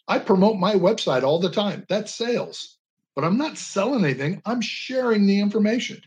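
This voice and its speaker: A man's voice: sits high, expressive, moderate pace. An older man talking as a radio interview guest, telling stories earnestly and with passion, leaning on inflection for emphasis. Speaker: guest, veteran advocate. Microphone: radio call-in line.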